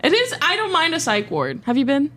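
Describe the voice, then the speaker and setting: A young woman hosting a comedy podcast, chatting casually, excitable and laughing often. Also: high voice, a little fast, slight background noise.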